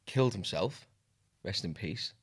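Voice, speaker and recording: A man co-hosting a comedy podcast, teasing his co-host with quick interjections. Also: sits low, expressive, breathy edge. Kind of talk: casual comedic chat.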